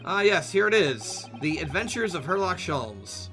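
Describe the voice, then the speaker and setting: A polite, eager young woman with a put-on British accent, voiced high and lively by a man reading her part. She sounds earnest and admiring. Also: a little slow, faint music behind, heavily acted.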